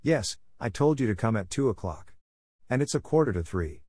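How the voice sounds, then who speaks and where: A man's voice: mid-range voice, lively intonation, darkish tone, no echo, studio quality, natural voice. Man doing Marilla, a tart stern older woman. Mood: scolding. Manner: brisk, scolding, tart. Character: stern, sharp-tongued older spinster woman.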